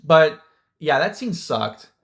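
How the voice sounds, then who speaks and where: Heated rambling man, slightly high voice. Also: very animated, slow, a bit bright. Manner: heated, rambling, heavy use of "like" and "dude". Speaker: movie reviewer. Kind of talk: casual opinion rant.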